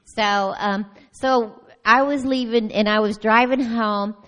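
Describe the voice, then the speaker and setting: A woman giving an animated personal testimony at a church meeting, telling her story with frequent laughter. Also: on the high side, takes it slowly. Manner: lively storytelling, often breaks into laughter. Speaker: church member sharing a testimony.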